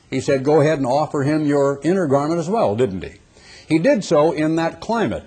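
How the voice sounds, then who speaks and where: A man delivers a sermon in an emphatic way. His voice is husky and sits at a middle pitch. He often puts rhetorical questions to his listeners. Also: a little mellow. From United States. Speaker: preacher.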